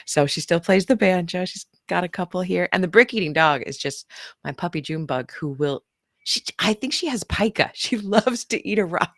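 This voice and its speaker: A woman's voice: on the low side, lively intonation, normal speed, dry recording, clean studio sound. A woman from California chatting as a guest author, telling stories animatedly and laughing easily. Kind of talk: casual interview chat.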